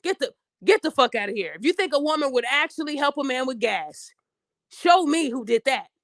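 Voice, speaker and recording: Podcast host, young woman, AAVE, high voice, blunt and lecturing, dry close sound. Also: expressive, a little fast, no echo. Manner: blunt, preachy, addresses listeners directly, acts out quoted voices. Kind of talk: opinionated podcast monologue.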